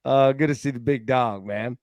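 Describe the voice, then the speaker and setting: Excitable stammering man, dry sound. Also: mid-range voice, normal speed, no echo, muffled recording. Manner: excitable, stammering restarts, slangy. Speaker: sports betting show host. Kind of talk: casual live-show commentary.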